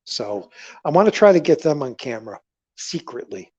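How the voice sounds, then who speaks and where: A man hosting a casual livestream, rambling through stories with animated swings between loud remarks and murmured asides. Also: a little high, normal speed, slightly rough, no echo. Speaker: livestream host. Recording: dull lo-fi livestream audio.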